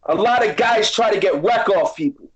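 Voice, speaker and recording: Guest, middle-aged Boston man, high voice, tough street talk with a preaching lilt. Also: animated, normal speed, lo-fi sound. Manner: streetwise, preachy, keeps asking "you know what I mean?". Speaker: podcast guest. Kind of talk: casual chat.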